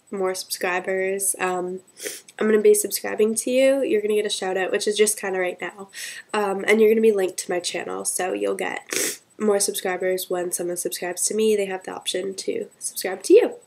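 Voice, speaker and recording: A woman's voice: mid-range voice, fairly even intonation, a little fast, gravelly, a little mellow. A young woman with a stuffy, congested voice from a cold, chatting upbeat to her viewers in a casual vlog. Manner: chatty, upbeat, with filler ums. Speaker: vlogger.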